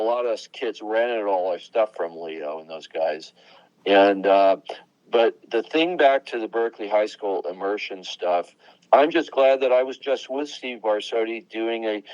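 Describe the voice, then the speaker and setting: A man in his seventies chats as a guest, rambling from one anecdote to the next. His voice sits a little low. It comes through dull and lo-fi, with no room sound at all. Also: moderate pace, a little mellow, no room sound. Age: 70s. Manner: rambling, anecdotal, name-dropping. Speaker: guest musician. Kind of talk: casual interview chat.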